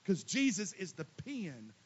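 A man preaching a sermon as pastor, swinging between loud emphatic lines and quiet asides. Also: high-pitched, huge pitch swings, unhurried, breathy edge, highs cut off. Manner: folksy, casual Southern US speech.

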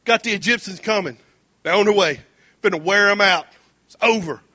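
A man preaching a sermon, animated and folksy, retelling scripture in casual slang. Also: sits high, brisk, highs cut off.

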